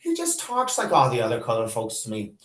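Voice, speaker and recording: A man voicing a timid, anxious woman housekeeper in a high, pleading voice, read aloud to a class. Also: wildly swooping pitch, fairly quick. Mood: meek, anxious. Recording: echoey room.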